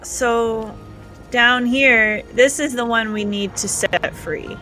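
A woman's voice: on the high side, slow pace, bright, forceful tone, soft background music. A woman from Canada streaming a game live, chatting and giggling as she reads out viewer comments. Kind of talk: live gameplay chat, reading viewer comments.

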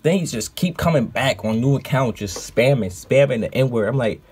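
Husky-voiced man ranting. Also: medium pitch, moderate pace, hardly any pauses. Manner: animated, profane storytelling. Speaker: streamer. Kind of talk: casual vlog rant.

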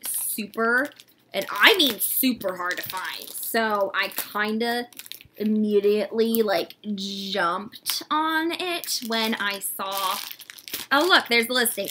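A woman vlogging an unboxing in a casual, gushing way, a little congested from a cold and often slipping into a breathy whisper. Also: medium pitch, background noise. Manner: gushing and excitable. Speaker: doll collector vlogger. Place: at home with a dog.

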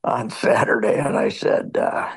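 A man, a sports columnist, chatting on a podcast as a guest, telling stories in a rambling, wry and grumbling way full of fillers and restarts. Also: a little slow. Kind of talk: casual podcast chat.

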